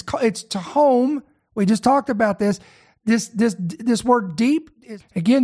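A man preaching a sermon, reading scripture aloud and breaking in to address his listeners directly, slowing down to stress key words. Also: very high-pitched. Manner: slows to stress key words, then speeds up.

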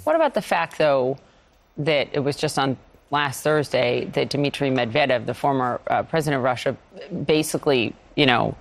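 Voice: mid-range voice, moderate pace, creaky. A co-anchor of a morning news show, wrapping up a report and asking a guest pointed, probing questions.

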